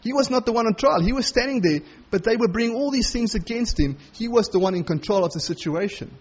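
A man's voice: high-pitched, lively intonation, fast, husky, highs cut off. A man preaching a sermon through a Bible passage, acting out the quoted lines as he goes.

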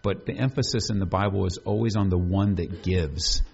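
Guy preaching, low voice, mellow and a bit husky, kinda dull lo-fi sound. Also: moderate pace. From United States. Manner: conversational, asks the congregation questions. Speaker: pastor. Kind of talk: sermon.

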